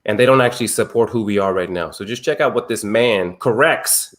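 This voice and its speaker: On a video call, a man hosts an online men's circle, speaking casually and emphatically with slang as he shares personal stories. His voice is on the low side and fairly quick.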